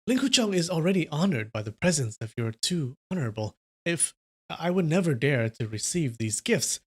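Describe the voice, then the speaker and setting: Guy reading as a polite young sect headmaster, earnest and a bit lifted in pitch, storybook reading. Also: very animated, moderate pace, a little mellow, husky.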